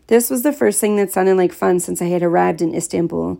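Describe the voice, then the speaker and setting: Low, gravelly woman reading a story. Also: brisk, mellow. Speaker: audiobook narrator. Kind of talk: first-person story narration.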